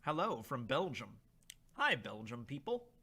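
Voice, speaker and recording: A young man hosting a casual charity livestream, reading chat aloud and trying snacks with a rambling, animated manner. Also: medium pitch, unhurried, breathy edge. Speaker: livestream host.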